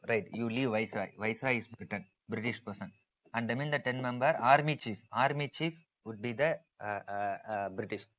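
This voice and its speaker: A man's voice: on the low side, fairly quick, a bit bright, rough recording. A male teacher giving an online exam-prep lecture, repeating key points with emphasis and asking students to type their answers.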